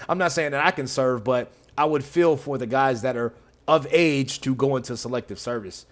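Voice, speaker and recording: A man's voice: medium pitch, moderate pace, a bit bright. A man hosting a reaction video who mocks the clips with sarcasm and frequent laughter. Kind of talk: reaction commentary.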